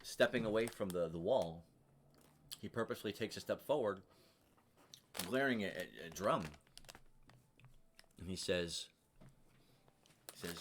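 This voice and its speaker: A man's voice: deep voice, measured pace, long pauses, a little hiss or hum. A man narrating as game master of a tabletop game, rambling with many fillers and restarts.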